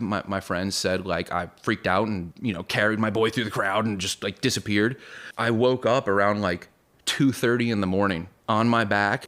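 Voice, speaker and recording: A man's voice: lowish voice, fairly bright tone. Young man, casual storyteller, loose slangy rambling, voices the people in his tale. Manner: rambling, full of "like", "dude" and "bro", acts out voices in the story. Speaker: podcast guest.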